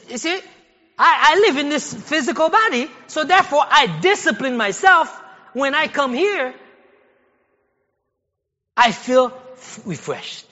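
A male pastor delivers a sermon in a loose, talky way and then climbs into forceful shouting. His voice sits very high and sounds sharp and bright. It rings through a reverberant church hall, and the recording is a little dull. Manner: conversational preaching, rising to shouted exhortation. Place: church sanctuary.

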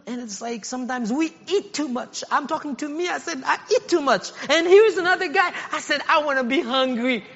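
A man preaching a sermon as a pastor, speaking in a casual, conversational way that builds to shouted exhortation. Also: very high-pitched, normal speed, few pauses, in a large hall, highs cut off. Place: church sanctuary.

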